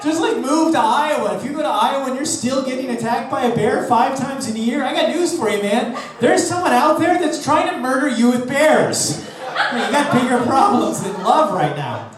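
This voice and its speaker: Brash high-voiced comedian in an echoey club. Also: male voice, expressive, moderate pace, a crowd in the background. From Los Angeles, USA. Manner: brash, profane, self-mocking punchlines. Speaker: stand-up comedian. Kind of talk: stand-up comedy set. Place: live comedy venue with audience. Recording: echoey room, distant mic, audience laughter.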